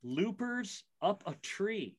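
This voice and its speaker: A man's voice: high voice, very animated. Rambling, self-mocking man on a podcast. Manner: rambling, self-mocking, quick bursts with restarts. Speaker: podcast co-host. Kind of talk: casual chat.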